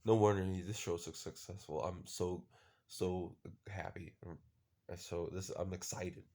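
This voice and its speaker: A man's voice: low-pitched, fairly even intonation, unhurried, mellow. A man casually recapping a show episode, rambling with lots of fillers and the odd swear word. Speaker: show reviewer.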